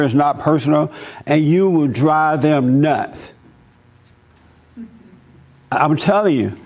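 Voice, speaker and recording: A man hosting a talk show, telling an animated, emphatic story and preaching in a casual, fervent way. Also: fairly high pitch, gravelly.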